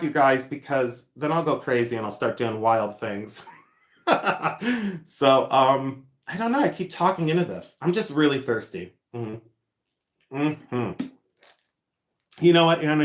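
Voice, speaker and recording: A man hosting a casual livestream, reading out viewer comments and rambling with lots of ums and laughter. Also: mid-range voice. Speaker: livestream host selling vintage jewelry. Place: echoey room. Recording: echoey room sound.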